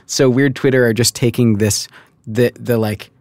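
A man's voice: medium pitch, steady tone, moderate pace, a little mellow, no echo. Man co-hosting a podcast, casual. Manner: rambling, many filler likes. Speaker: podcast co-host. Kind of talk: casual chat.

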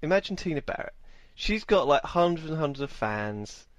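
A man's voice: a little high, big pitch swings, normal speed, no echo, dull audio. A man co-hosting a podcast, teasing and playful in casual banter. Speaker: podcast co-host.

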